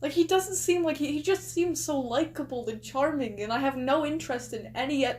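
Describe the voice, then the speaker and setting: A woman's voice: high-pitched, fairly quick, darkish tone, a little hiss or hum. A young woman streamer chatting casually as she reacts, gushing and asking lots of rhetorical questions. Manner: chatty, exclaims and gushes, many likes and rhetorical questions.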